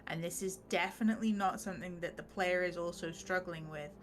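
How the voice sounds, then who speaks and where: A woman playing a tabletop game who speaks softly, with dry self-mocking humour. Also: lowish voice, fairly quick, slight background noise. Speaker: player.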